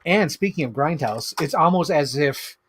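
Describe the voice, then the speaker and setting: A man chatting casually on a live stream about his toy collection, excitable and rambling, swearing freely. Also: a little high, moderate pace, a little hiss or hum.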